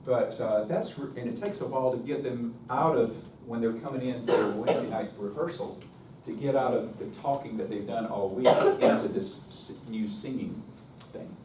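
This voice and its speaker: A man's voice: mid-range voice, normal speed, hardly any pauses. A man with a North Carolina accent leading a choral workshop in a chatty, folksy way. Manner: folksy, chatty, demonstrates by singing. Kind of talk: workshop lecture with sung demonstrations. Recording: roomy, distant mic, faint noise.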